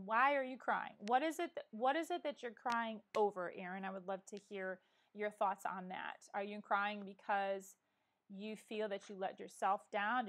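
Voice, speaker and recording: A woman's voice: mid-range voice, fairly bright tone. A middle-aged woman hosting a casual live chat, talking earnestly and encouragingly straight to her viewers. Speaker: live-stream vlogger.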